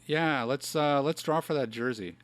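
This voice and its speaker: A man's voice: medium pitch, moderate pace. A man hosting a podcast, chatting casually with many "you know" fillers. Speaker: podcast host. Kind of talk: casual chat.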